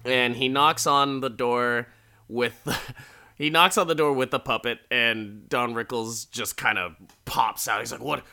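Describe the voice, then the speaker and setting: A man's voice: mid-range voice, steady tone, a little slow, bright, forceful tone, smooth. A man casually recapping a TV episode with chatty, crude, laughing asides. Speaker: podcast host recapping an episode.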